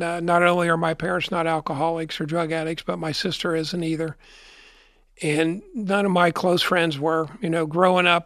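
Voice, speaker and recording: A man's voice: high voice, a bit bright, no echo, studio quality. A middle-aged man telling a long story in a rambling way, repeating and restarting his words as an interview guest.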